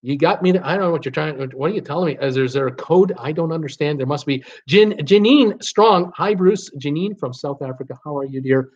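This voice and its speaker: A man's voice: on the high side, a little fast, hardly any pauses, lo-fi sound. A man hosting a live-stream show, chatting casually and reading viewer comments aloud with lots of fillers. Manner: chatty, rambling, reads chat messages aloud with many fillers. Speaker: host of a live cruise show.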